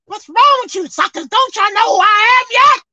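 An exasperated Lord, roused from sleep, scolds and mocks his panicking followers in a raised, shouting voice, as a high-voiced preacher puts him on. The pitch jumps well above the speaker's usual level. The sound is close and dry, with no room echo. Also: lively intonation, normal speed, dull audio, heavily acted. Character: exasperated male Lord woken from sleep, teasing.

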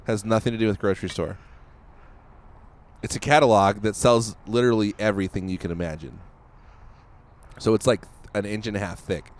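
A man's voice: lowish voice, fairly even intonation, fairly quick, pauses often. A man cohosting a podcast, rambling casually and laughing easily. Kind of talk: casual chat.

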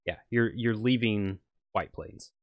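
A man's voice: on the low side, takes it slowly, no room sound. A young man narrating as game master, rambling with many fillers.

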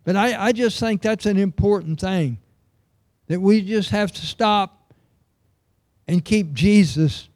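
Slow, warm-voiced preacher man. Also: high-pitched, no echo, studio quality. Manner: earnest, emphatic, reads scripture aloud. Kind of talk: sermon.

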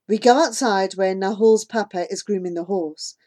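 A woman narrating a children's novel in first person as an audiobook, calm and measured. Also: medium pitch.

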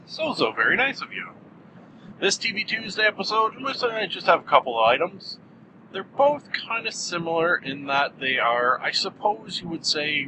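A man hosting his own podcast, rambling goofily and mocking himself, with sudden loud bursts. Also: medium pitch, slight background noise, poor audio. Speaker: podcast host. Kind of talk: casual solo podcast monologue.

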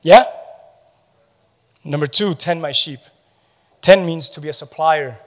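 A pastor preaching a sermon with animated call-and-response questions to his congregation. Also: a little high, unhurried. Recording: long hall reverb.

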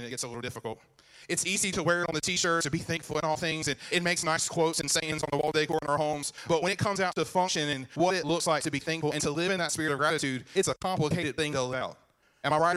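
A man, preaching a sermon as pastor, with animated asides and questions to the congregation. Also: fairly high pitch, low-quality recording. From Virginia.

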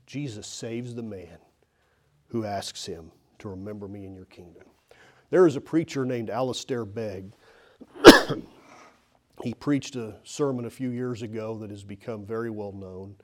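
A man preaching a sermon earnestly, swinging from strong emphasis to hushed near-whispers. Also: medium pitch.

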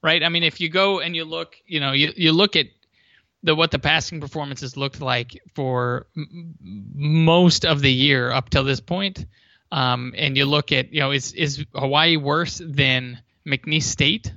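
A man's voice: a little high, measured pace, sharp tone, no echo, dull audio. A man co-hosting a sports podcast in casual chat, rambling and restarting his sentences.

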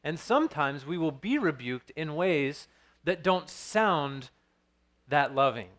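A man's voice: fairly high pitch, animated, takes it slowly, fairly bright tone. Earnest male pastor preaching. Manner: earnest, storytelling with rising intensity and frequent restarts. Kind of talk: sermon.

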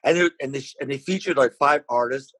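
A man's voice: mid-range voice, fairly quick, a bit bright, breathy edge, no room sound, poor audio. A man being interviewed, telling long rambling stories about his singing with many restarts. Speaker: interview guest, singer. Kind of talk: casual storytelling.

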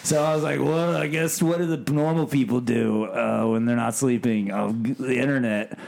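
A man's voice: medium pitch, fairly even intonation, normal speed, gravelly, a little mellow. A man co-hosting a podcast, rambling and swearing freely in casual chat with friends. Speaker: podcast co-host.

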